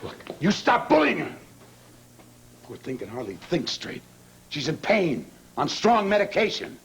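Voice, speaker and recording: A bossy older man barks out orders with a husky, raspy edge and a swinging, lively pitch. He speaks in a TV soap drama. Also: measured pace, heavily acted. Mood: stern. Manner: commanding, blunt. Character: gruff older patriarch, protective and bossy.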